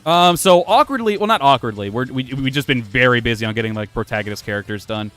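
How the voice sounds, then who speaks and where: Male gaming streamer, animated and rambling, self-deprecating and profane, faint music behind. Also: medium pitch, fast. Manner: rambling, self-mocking, swears freely. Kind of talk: casual gameplay commentary. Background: faint music playing from his computer.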